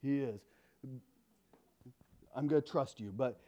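A pastor with a medium-pitched male voice preaches a little slowly, swinging between loud emphasis and hushed intensity. He tells stories with playful quoted dialogue.

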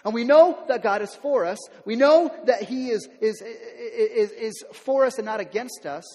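A middle-aged man, a pastor, preaching a sermon in a conversational way, repeating words and building to loud emphatic peaks. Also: very high-pitched, unhurried. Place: church sanctuary. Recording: long hall reverb.

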